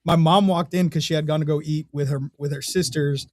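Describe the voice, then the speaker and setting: A fairly high-voiced young man on a podcast, chatting casually and swearing freely as he tells lively, animated stories. His voice sounds dry and close, with no room around it. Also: fairly quick, no echo. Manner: profane, animated storytelling. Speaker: podcast co-host.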